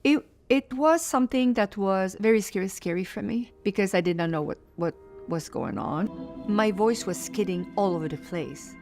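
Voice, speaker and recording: Over music, a mid-range female voice speaks at a moderate pace. The speaker is a singer in her fifties, French by native tongue, answering interview questions while seated, sincere and reflective, with phrases repeated for emphasis.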